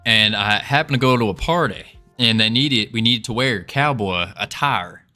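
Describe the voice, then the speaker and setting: A man's voice: medium pitch, normal speed, sharp tone, soft background music. A man putting on a folksy Southern cowboy drawl. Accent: put-on Southern US. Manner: drawling, folksy, chuckling at himself. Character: folksy Southern cowboy streamer, male adult.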